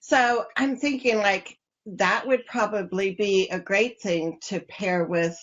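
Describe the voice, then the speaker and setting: A woman's voice: medium pitch, steady tone, slow pace, fairly bright tone. A woman hosting a casual podcast interview, talking enthusiastically with lots of fillers. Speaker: podcast host. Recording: dull lo-fi audio.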